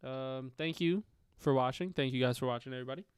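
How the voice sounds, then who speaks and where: A man's voice: mid-range voice, fast talker, clear, resonant tone, no echo, clean studio sound. A young man hosting a casual sports livestream, talking loosely, laughing, swearing and trailing off. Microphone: headphones on, close mic.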